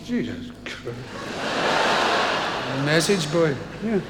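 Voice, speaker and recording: A man's voice: a little high, lively intonation, moderate pace, long pauses, background noise. A man in his thirties with a Scottish accent, telling stand-up stories to a live crowd and bantering with it. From Scotland. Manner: broad, rowdy, bantering with the crowd. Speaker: stand-up comedian. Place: large concert hall, live. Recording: echoey live concert hall recording. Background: audience.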